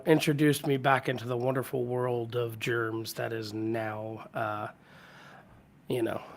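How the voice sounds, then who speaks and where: A man hosting a casual live stream from home, hoarse from a cold and keeping his voice low, rambling as he greets viewers by name. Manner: keeps voice low to spare it. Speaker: livestream host. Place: at home with hardwood floors.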